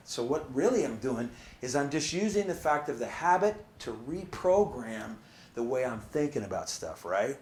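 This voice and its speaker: In an echoey room, a motivational speaker with a mid-range voice delivers a casual talk. He's an animated storyteller, performing the quoted voices of the people he describes and adding many "right?" asides.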